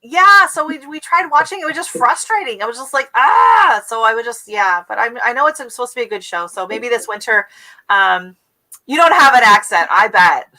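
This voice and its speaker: A middle-aged woman from the United States hosting a casual livestream chat, talking warmly and laughing often as she mimics accents. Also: fairly high pitch, brisk, low-quality recording. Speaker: host.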